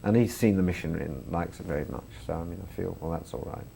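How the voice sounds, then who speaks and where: Englishman, comedian guest, very low gravelly voice, chatty and self-deprecating. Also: fast talker, mellow, slight background noise. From England. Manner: chatty, self-deprecating, laughs through stories. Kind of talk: interview anecdotes.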